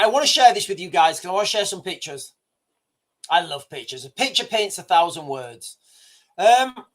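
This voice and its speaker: A man hosting a livestream, rambling and often restarting while talking straight to his viewers. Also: high-pitched. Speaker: livestream host. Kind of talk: livestream commentary.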